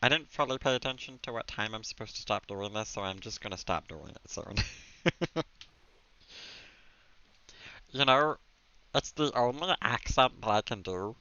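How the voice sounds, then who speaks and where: A man's voice: on the low side, lively intonation, moderate pace, long pauses, pushed and bright, smooth. A man streaming a game from a room at home, chatting casually and giggling as he talks to his viewers and his pet. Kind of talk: casual live-stream gameplay commentary. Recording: slightly dull stream mic audio.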